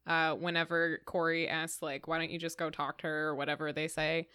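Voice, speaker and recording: A woman's voice: low voice, level tone, fairly quick, sharp tone, smooth, no echo, studio quality. A woman co-hosting a podcast, chatting casually with frequent laughs and lots of "like". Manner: chatty, laughs often, many "like" fillers. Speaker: podcast co-host. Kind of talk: casual chat.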